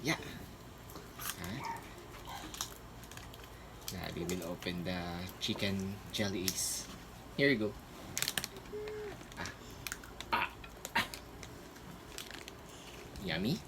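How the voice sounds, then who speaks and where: A man with a very deep voice quizzes his small children in a slow, bouncy, coaxing tone full of praise. His pitch swings widely as he plays along. The home recording carries clear background noise. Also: expressive. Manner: coaxing, sing-song quizzing with lots of praise. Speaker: father playing a snack guessing game with his children. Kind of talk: playful home video chat with kids.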